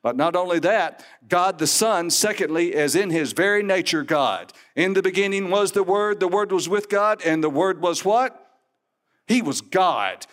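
A man's voice: high-pitched, lively intonation, normal speed, fairly bright tone. A man preaching a sermon to a congregation, emphatic and teacherly, with sarcastic asides.

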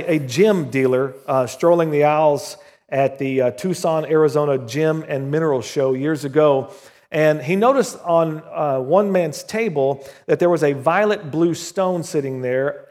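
A man's voice: fairly high pitch, moderate pace, a little mellow. A pastor from southern Oklahoma who prays and then preaches a sermon to his congregation, telling stories and singing bits of a hymn. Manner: prayerful, then storytelling with sung hymn lines. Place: church building with congregation. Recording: long hall reverb.

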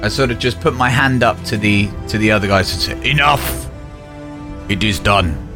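A man's voice: on the low side, steady tone, fairly quick, music in the background. A man playing a tabletop game, thoughtfully describing his character's moves. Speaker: player. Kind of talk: casual play at a tabletop game.

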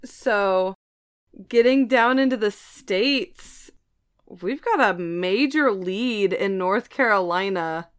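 A woman's voice: mid-range voice, slow pace, clean tone. A woman co-hosting a podcast in casual chat, reading a story aloud and joking with laughs and swearing. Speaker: podcast co-host.

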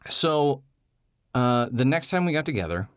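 A man's voice: medium pitch, very animated, unhurried, smooth, no room sound, studio quality. A man on a podcast telling a candid personal story in a casual, digressive way, turning playfully defensive when he is corrected.

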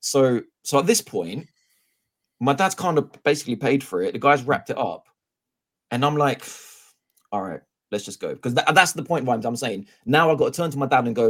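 A man's voice: medium pitch, normal speed. A man telling a long story in casual podcast chat, acting out the dialogue and swearing freely. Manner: animated, acts out both sides of dialogue, swears freely. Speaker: podcast co-host.

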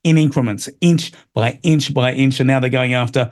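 An Australian man in middle age runs a talk radio show. He holds forth in an opinionated, rambling way, with plenty of fillers and restarts, and his voice sits at an ordinary mid pitch. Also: moderate pace.

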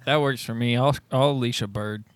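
A man playing in a tabletop game, with a deadpan delivery. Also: medium pitch, moderate pace, no room sound. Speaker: player. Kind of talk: tabletop role-play.

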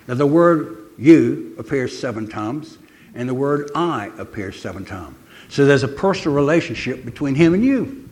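An older man delivers a sermon with earnest conviction. He pauses often and stretches out the words he wants to land. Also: mid-range voice, expressive, darkish tone. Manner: earnest, pausing, slows for emphasis. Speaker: preacher.

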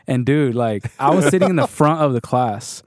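A man's voice: medium pitch, animated, normal speed, darkish tone, no room sound, studio quality. A man casually telling a story on a podcast, rambling and swearing freely.

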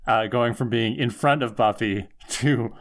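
A man's voice: mid-range voice, unhurried. Guy cohost on a podcast, laid back, cracking jokes. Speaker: podcast co-host. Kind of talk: casual chat recapping a TV episode.

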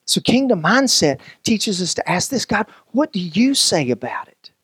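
A man's voice: sits high, big pitch swings, normal speed, a bit bright, slightly rough, dry recording, clean studio sound. A male pastor preaching a sermon in a loose, conversational way, joking with the congregation and often restarting his sentences.

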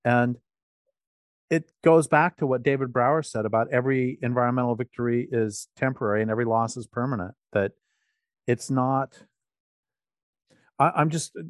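A man with a mid-pitched voice speaks emphatically and with passion. The recording is dry and close, with no room sound around his voice. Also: normal speed, pauses often, dry recording. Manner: impassioned, emphatic. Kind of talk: casual conversation.

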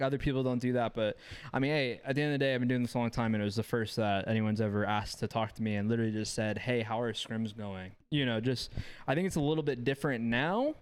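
A man's voice: lowish voice, clean tone. A young man co-hosting a gaming podcast, speaking casually and earnestly with lots of fillers and restarts. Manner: rambling, filler-heavy, earnest. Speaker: podcast co-host, former Halo player. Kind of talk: casual chat.

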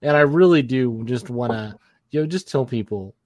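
A man's voice: medium pitch, normal speed, no room sound, clean studio sound. Rambling man in casual film chat. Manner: rambling, many fillers, animated mock impressions. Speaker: podcast co-host.

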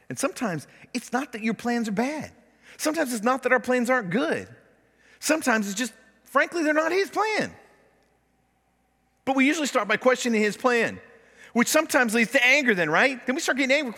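A man preaching a sermon as pastor, animated, acting out the complaints and prayers he quotes. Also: very high-pitched, a little fast, big-room sound. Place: church sanctuary.

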